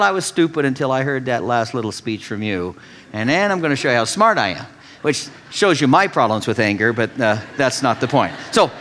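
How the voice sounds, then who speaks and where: A man preaching a sermon, reading scripture and then teaching with animated, mocking paraphrases. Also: mid-range voice. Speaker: pastor.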